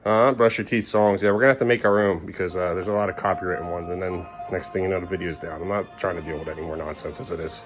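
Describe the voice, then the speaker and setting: Low-voiced dad muttering home vlog. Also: male voice, steady tone, fast talker, few pauses, faint music behind. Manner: mutters low asides, then raises voice sternly at kids. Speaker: father vlogging family life. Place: family home indoors. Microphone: handheld phone.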